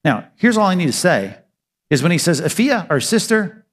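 A man's voice: a little high, sing-song, normal speed. Preaching man in a reverberant hall. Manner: conversational preaching, asks and answers his own questions. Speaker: pastor. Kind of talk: sermon.

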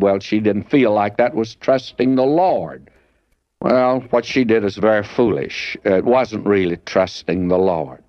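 A man's voice: fairly low pitch, dry recording. An older man teaching through a Bible passage in a folksy, conversational preaching style with dry asides. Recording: dry, dull lo-fi broadcast sound.

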